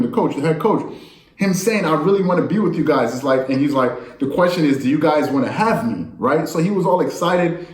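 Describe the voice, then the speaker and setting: This man's voice runs on the high side and is a little mellow, recorded in a room with echo. He's a sports commentator chatting casually and incredulously about the news, rambling as he talks directly to viewers in a monologue.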